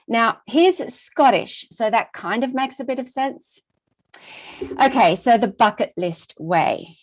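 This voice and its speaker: A middle-aged woman giving a conference talk, telling a personal story in an expressive, rhythmic way with lots of repetition. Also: on the high side, slow. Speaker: conference speaker.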